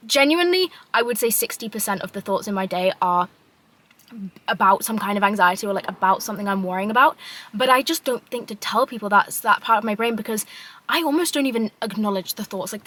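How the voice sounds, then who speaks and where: A woman's voice: mid-range voice, bright, forceful tone, dry recording. A young woman telling a rambling personal story to camera, full of "like" and casual swearing. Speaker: vlogger. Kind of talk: candid personal monologue.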